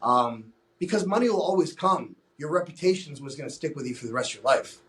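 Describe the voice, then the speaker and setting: A man with a high voice for his sex talks as a fitness coach in a casual podcast chat. He is blunt, emphatic and freely profane. He often slips into quoted back-and-forth with his clients. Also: animated, fairly quick, a bit bright.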